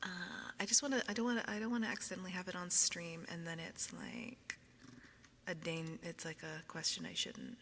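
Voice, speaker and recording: A woman streaming ASMR into a binaural mic, chatting softly, often whispering and giggling as she reads out questions. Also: fairly low pitch, very animated, a little fast, long reverb tail, slight background noise. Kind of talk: soft whispered stream chat. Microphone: binaural microphone.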